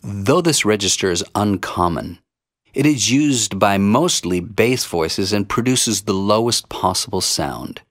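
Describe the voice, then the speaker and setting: A man giving a singing lesson as a vocal coach, explaining and demonstrating vocal fry. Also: fairly low pitch, animated, a little slow, no room sound, studio quality.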